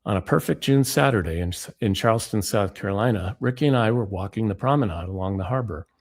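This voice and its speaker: A man giving a lecture as author and speaker, reading book excerpts in a measured, deliberate way. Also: on the low side.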